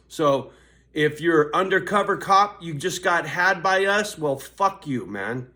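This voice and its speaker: A man's voice: a little high, expressive, measured pace, bright, forceful tone. An older man vlogging, cursing constantly in a riled-up, confrontational rant. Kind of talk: angry ranting vlog.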